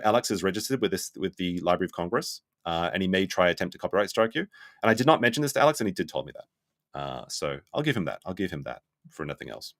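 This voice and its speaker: Male streamer, low voice, blunt skeptical commentary, dry close mic. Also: a bit bright, no echo. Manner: skeptical, blunt, thinks aloud. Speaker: streamer reacting to a documentary. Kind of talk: live stream commentary, reading chat.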